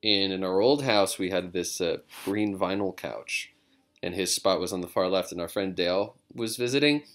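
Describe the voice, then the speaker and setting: A man's voice: low-pitched, moderate pace, fairly bright tone. A man, a comedian, chatting casually and rambling from his living room, drifting between digressions with self-mocking humor. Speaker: comedian vlogger.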